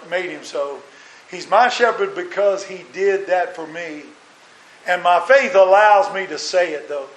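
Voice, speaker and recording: A man's voice: high-pitched, fairly bright tone. A man preaching a sermon as a minister, earnest and full of rhetorical questions. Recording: roomy echo.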